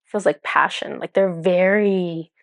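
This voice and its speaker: A woman's voice: lowish voice, measured pace, creaky, no echo, clean studio sound. A woman speaking as a spiritual channeler in a casual, enthusiastic monologue full of fillers. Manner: chatty, filler-heavy, enthusiastic.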